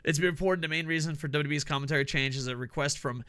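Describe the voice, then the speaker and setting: A man co-hosting a wrestling podcast in casual chat, animated and jokey, laughing often. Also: a little high, fast talker, clean tone. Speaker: podcast co-host.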